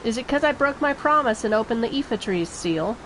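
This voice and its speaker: A woman's voice: on the high side, animated, a little fast, fairly bright tone, a little hiss or hum, rough recording. Aiko: a woman doing a proud little girl. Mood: worried. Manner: insists she is grown-up, fighting tears. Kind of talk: reading game dialogue aloud.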